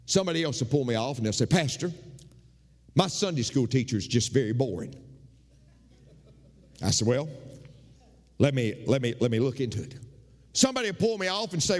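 A man preaching as pastor in a church, animated and rising in pitch as he drives his points home. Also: normal speed, pauses often, long reverb tail. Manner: animated preaching, mimics congregants with shifting pitch. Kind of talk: sermon. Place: church sanctuary.

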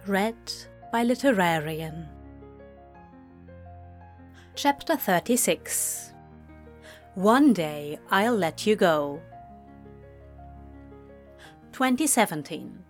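A woman narrating an audiobook in a gentle, measured storytelling voice. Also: mid-range voice, expressive, soft background music. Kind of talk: scripted narration.

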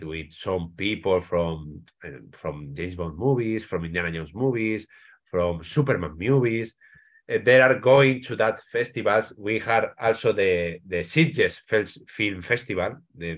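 A man from Spain with a Spanish accent, an author guest in a casual interview, speaking English haltingly with many restarts and repeated words. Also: lowish voice.

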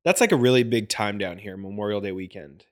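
A man's voice: fairly low pitch, lively intonation, a little fast. A man co-hosting a casual podcast, a wedding photographer who chimes in chattily and laughs along.

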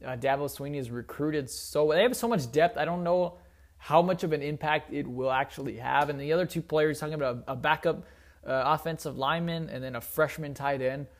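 A man's voice: on the high side, fairly quick. Opinionated man rambling about football. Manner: opinionated, rambling, frequent fillers. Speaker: sports commentator. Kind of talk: casual solo sports talk.

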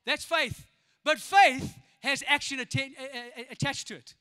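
A man with a South African accent preaching a lively, playful sermon as a pastor, acting out voices and often laughing. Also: very high voice, normal speed. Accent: South African English. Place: church auditorium. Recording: echoey church hall.

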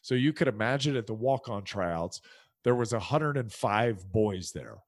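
Animated male storyteller in a dry room. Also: fairly low pitch, moderate pace, dry recording. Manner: animated storyteller acting out quoted people. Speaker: podcast guest, former football player. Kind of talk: casual storytelling interview.

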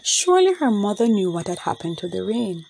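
A woman narrating a children's storybook in an expressive storytelling manner. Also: mid-range voice, a little fast, vocal fry, slight background noise, low-quality recording.

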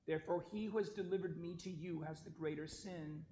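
A man reading as a calm, solemn prisoner-king. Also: a little high, a little hiss or hum, lightly acted. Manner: quieter, measured and solemn. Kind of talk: liturgical scripture reading. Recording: echoey church sanctuary.

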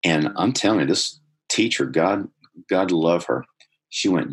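A middle-aged man with a husky voice, earnestly telling a personal story in conversation, growing more animated as he goes. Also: very deep voice, normal speed. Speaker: guest telling his life story.

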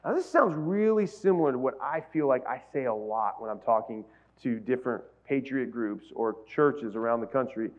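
A man's voice: medium pitch, lively intonation, moderate pace, muffled recording. A male pastor giving a sermon, talking casually with the congregation and rising to emphatic peaks. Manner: conversational preaching, builds to emphatic peaks.

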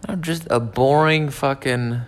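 A man's voice: mid-range voice, a little slow. A man in a casual, meandering monologue, swearing often and trailing off into fillers and restarts.

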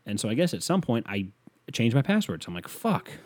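A young man hosts a solo podcast from his bedroom, leaning on the mic as he rants and rambles with lots of swearing. His mid-range voice is very animated, fast and a little mellow, with no room sound. He comes across as profane, rambling and exasperated.

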